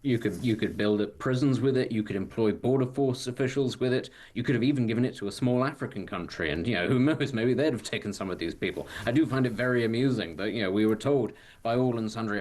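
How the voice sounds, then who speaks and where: A man's voice: fairly low pitch, fast, few pauses, darkish tone. A man, a political commentator on talk radio with a dry, sardonic, articulate way of arguing.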